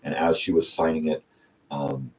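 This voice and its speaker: Very deep-voiced older man rambling. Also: little pitch movement, normal speed. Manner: rambling, many ums and restarts. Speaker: channel host. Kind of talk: casual storytelling. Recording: distant mic with faint hiss.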